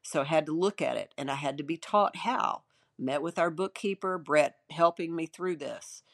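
A woman's voice: low voice, normal speed. A woman pastor, older, sharing a personal testimony in an earnest, emotional way with many restarts.

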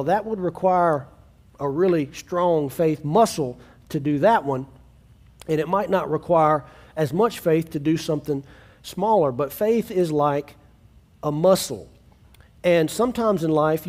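A man's voice: fairly high pitch, a little mellow. A man who is a pastor, preaching a sermon in an earnest, conversational way, with restarts, and acting out quoted family dialogue.

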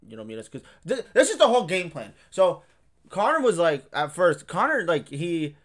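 A young man co-hosting a podcast, telling stories in a rambling, animated way with heavy swearing. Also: sits high, normal speed. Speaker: podcast co-host. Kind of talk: casual chat.

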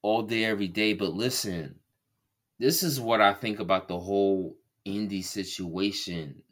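Bright-voiced man ranting on a podcast. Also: lowish voice, normal speed. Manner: heated, profane ranting. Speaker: podcast co-host. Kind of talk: casual sports chat.

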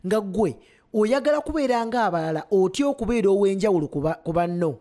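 A man's voice: sits high, animated, fast talker, warm tone. A man interpreting a sermon line by line as it is preached.

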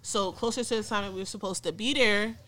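A woman's voice: mid-range voice, fast, pushed and bright, rough recording. A young woman co-hosting a podcast, telling a long story in casual chat with plenty of swearing and slang.

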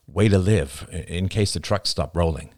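A man reading the lines of a blunt, guarded man with grim views, in a flat, terse manner. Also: low-pitched, normal speed, dry recording, clean studio sound, lightly acted. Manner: flat, terse, matter-of-fact. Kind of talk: audiobook character reading.

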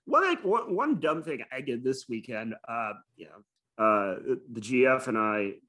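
A man's voice: medium pitch, sing-song, measured pace, pushed and bright. A man co-hosting a podcast, telling stories in a rambling, casual way full of fillers. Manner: rambling, filler-heavy storytelling. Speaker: podcast co-host. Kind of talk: casual chat.

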